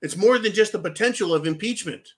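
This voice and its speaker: A man's voice: high-pitched, fast talker, a bit bright. A man hosting a political commentary show, delivering a vehement, profane rant that keeps turning to address his audience as "folks".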